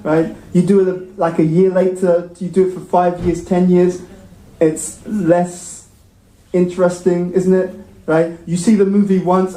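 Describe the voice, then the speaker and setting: A man's voice: sits high, level tone, unhurried, warm tone. A man giving a conversational sermon at a temple class, often asking his audience questions. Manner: engaging, asks the audience frequent questions. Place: temple hall. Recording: echoey hall.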